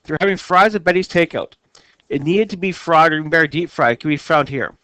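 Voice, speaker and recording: A male teacher reading a novel aloud to his class. His narration is steady, with the odd small slip, in a voice slightly high for a man. The recording is close and dry. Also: fast, dry recording.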